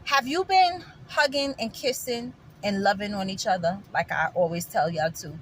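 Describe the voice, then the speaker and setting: A woman's voice: mid-range voice, normal speed, a little hiss or hum. A woman from New York with a New York accent, talking to her viewers in an opinionated casual chat, emphatic and repetitive, calling them guys. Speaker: vlogger.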